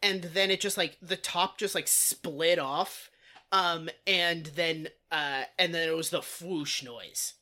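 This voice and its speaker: Male podcast co-host, bright edgy voice, rambling foul-mouthed storyteller. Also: on the high side, takes it slowly. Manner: profane, rambling, many "like" fillers. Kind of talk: casual comedic storytelling.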